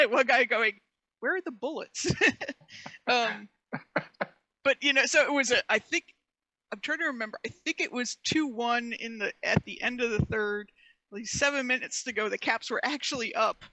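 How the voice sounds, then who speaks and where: A woman's voice: a little high, normal speed, sharp tone, no echo. A woman co-hosting a casual podcast chat, arguing her point and explaining at length with a laugh. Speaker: podcast co-host.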